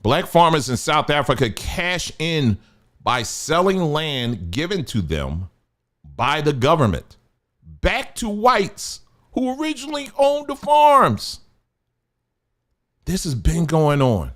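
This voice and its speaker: A man's voice: on the high side, sing-song, slow, fairly bright tone. A man hosting a livestream, talking emphatically, repeating his points and asking rhetorical questions. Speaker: livestream host. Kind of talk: livestream commentary.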